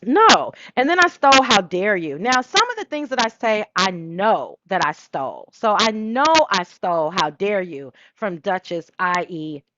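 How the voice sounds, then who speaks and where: A woman hosting her own talk show, chatting casually and breaking into quick impressions of people. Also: mid-range voice, very animated, sharp tone, muffled recording. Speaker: show host. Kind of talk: casual solo chat.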